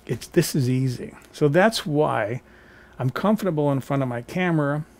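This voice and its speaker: A man vlogging from his home kitchen, telling a college theater anecdote in an animated, theatrical way. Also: on the high side, moderate pace. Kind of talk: casual storytelling to camera. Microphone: camera on a tripod.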